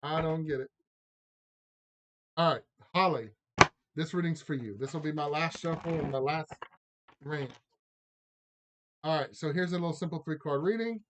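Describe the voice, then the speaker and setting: A man's voice: on the high side, moderate pace, pauses often, slight background noise. A man from the Lafayette area of Louisiana with a Cajun accent, chatting casually on a live stream and doing a card reading. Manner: chatty, rambling, drawling "y'all", laughs often.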